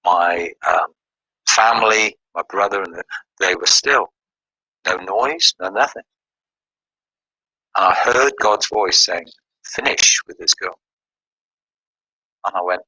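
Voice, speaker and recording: A man's voice: deep voice, bright, forceful tone, slightly rough, no echo, poor audio. A man from the United Kingdom telling a personal religious testimony, recounting events with quoted dialogue.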